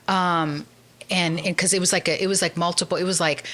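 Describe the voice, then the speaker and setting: Woman guest with a low-set, bright, forceful voice; earnest, lively storyteller. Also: fast talker. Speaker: podcast guest. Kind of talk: candid personal storytelling in a conversation.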